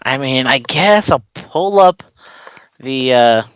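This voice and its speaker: A man's voice: mid-range voice, animated, slow, a bit bright, clear, resonant tone, dry recording. Rambling podcast man, dry sound. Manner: rambling, many "you know" fillers and restarts. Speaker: podcast co-host. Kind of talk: casual wrestling podcast chat.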